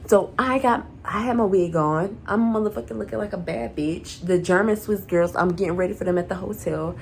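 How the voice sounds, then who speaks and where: A young woman vlogger telling an animated, profanity-laced storytime, acting out the dialogue she quotes. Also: medium pitch, fairly quick, vocal fry, slight background noise.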